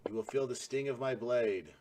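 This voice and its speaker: A man voicing a cruel, boastful scorpion monster that shouts loud threats in a tabletop game. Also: medium pitch, moderate pace, very noisy, lightly acted. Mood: menacing.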